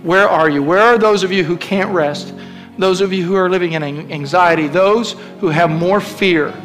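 A man's voice: high-pitched, moderate pace, a bit bright, faint music behind. A male pastor preaching a fervent sermon, with repeated calls to the congregation.

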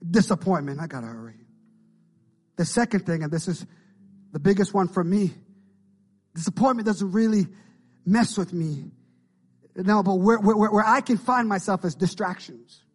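A man's voice: high-pitched, animated, moderate pace, a bit bright. A male pastor preaching an impassioned sermon and calling out to his congregation.

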